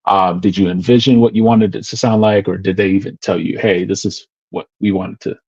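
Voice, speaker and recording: A man's voice: deep voice, steady tone, fairly quick, a little mellow, breathy edge, no room sound. A male podcast host interviewing a guest, asking questions hesitantly and with many fillers. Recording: dull lo-fi audio.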